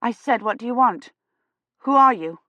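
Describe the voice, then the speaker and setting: A woman's voice: a little high, fairly even intonation, a little fast, no room sound, highs cut off, voice pushed up, lightly acted. A woman reading an audiobook, voicing a frightened young woman time traveler who talks in an urgent, breathless way.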